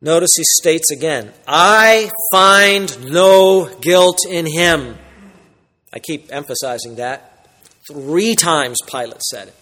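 Emphatic preacher in a reverberant hall. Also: male voice, mid-range voice, husky. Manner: emphatic, swings between loud exclamation and quiet solemn asides. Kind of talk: expository sermon.

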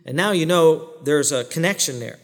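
A man's voice: a little high, moderate pace. Emphatic preacher man in a reverberant hall. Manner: emphatic, asks the listeners questions and answers them. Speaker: pastor. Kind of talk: sermon. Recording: long reverb of a large hall.

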